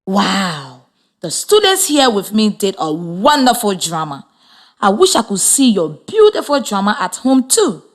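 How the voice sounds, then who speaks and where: A woman teaching a children's reading lesson on the radio, giving slow, encouraging, clear instructions. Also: medium pitch, big pitch swings. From Liberia.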